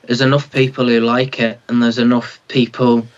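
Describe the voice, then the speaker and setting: A man's voice: mid-range voice, flat delivery, moderate pace. A young Mancunian man answers in a plain-spoken, proud way, sprinkling "like" through his talk. His voice comes through somewhat muffled and dull, as if over a remote link. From Manchester, England. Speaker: guest singer-songwriter. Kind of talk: casual interview.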